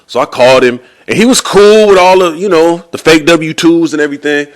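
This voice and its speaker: A man hosting a podcast, telling a story in a casual, animated way full of slang. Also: on the high side, brisk. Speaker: podcast host.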